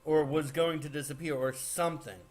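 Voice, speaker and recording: A man giving a casual, rambling movie spoiler recap, excitable, with lots of fillers and restarts. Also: fairly high pitch, fairly quick. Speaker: movie reviewer.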